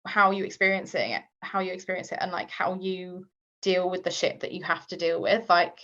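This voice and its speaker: A woman's voice: lowish voice, little pitch movement, a little fast, a bit bright. A woman talking as a guest on a podcast, chatty and casual, often filling with "like" and "um". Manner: chatty, leans on fillers like "like" and "um". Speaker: guest author. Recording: slightly muffled lo-fi recording.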